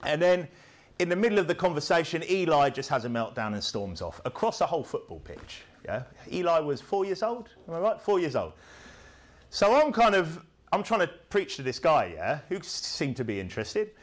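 A man preaches a sermon in a fairly high voice whose pitch swings widely up and down. Very animated and at a moderate pace, his delivery is punchy and rhetorical. He keeps throwing tag questions at the congregation to check that they follow.

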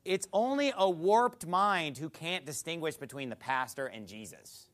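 Male pastor, sermon, high voice, swooping pitch, blunt, mocking. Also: normal speed. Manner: blunt, mocking, animated preaching. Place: church.

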